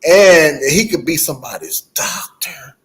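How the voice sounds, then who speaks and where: A man in a casual chat, telling stories in an animated, profane way. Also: on the high side, unhurried, breathy edge. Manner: animated, profane storytelling with frequent laughter.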